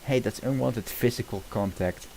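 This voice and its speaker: A man's voice: mid-range voice, moderate pace, darkish tone, slight background noise, close to an everyday voice, poor audio. A man voicing a chatty, nervous male talking donkey while reading a film script aloud, flustered and stumbling over his words. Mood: protesting.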